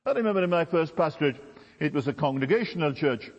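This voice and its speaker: A man's voice: animated, fast, in a large hall, muffled recording. A man preaching a sermon with emphatic delivery, from Britain. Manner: emphatic, with sweeping pitch swings.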